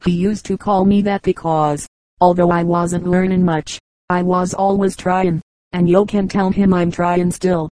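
A woman's voice: fairly low pitch, a little slow, no echo, natural voice. A woman reading the lines of a poor mountain boy in a listless, passionless storybook voice. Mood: wistful. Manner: listless, flat, lifeless delivery.

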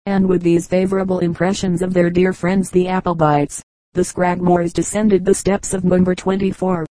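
Low, flat woman audiobook narrator. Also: no echo, rough recording. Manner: measured, even reading. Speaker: audiobook reader. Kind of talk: narrating a Victorian novel.

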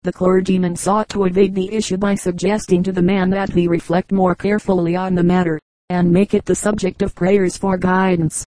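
A woman's voice: fairly low pitch, fairly quick, hardly any pauses, no echo, rough recording. A woman narrating an audiobook of short humorous anecdotes, reading evenly and lightly voicing the quoted lines. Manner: even storytelling read, voicing quoted lines.

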